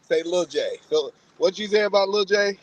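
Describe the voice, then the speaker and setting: A man's voice: high-pitched, moderate pace, slight background noise, low-quality recording. A man hosting a live-stream panel, brash and trash-talking in casual chat. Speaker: host.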